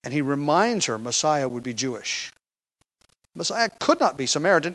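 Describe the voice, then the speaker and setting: A man's voice: on the high side, big pitch swings, moderate pace, rough recording. Emphatic man preaching a verse-by-verse sermon. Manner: emphatic, building to forceful stress, with fillers and restarts. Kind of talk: expository sermon.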